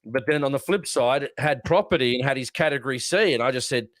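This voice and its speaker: A man's voice: mid-range voice, fast talker, fairly bright tone, no room sound. An Australian man talks through a casual live-stream chat in a loose, rambling way, stopping and restarting with plenty of fillers and the odd curse. His voice sits in the middle of the male range. It is recorded close and dry, with no room sound at all. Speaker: podcast host.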